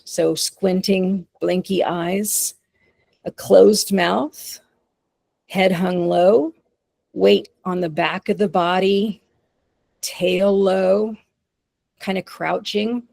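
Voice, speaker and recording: A woman's voice: on the low side, vocal fry, darkish tone, dry recording. A woman giving an informal webinar presentation on dog behavior in a chatty, easygoing way, with frequent fillers and light laughs.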